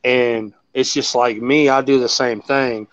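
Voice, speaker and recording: A host chats casually, rambling and swearing through animated stories. His voice is medium-pitched at a measured pace, on a dry recording with the highs cut off.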